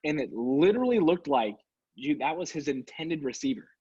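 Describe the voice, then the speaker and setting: A man's voice: fairly high pitch, very animated, normal speed, a little mellow, breathy edge. A man co-hosting a sports podcast, ranting in casual talk, sarcastic and exasperated. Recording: dull lo-fi sound.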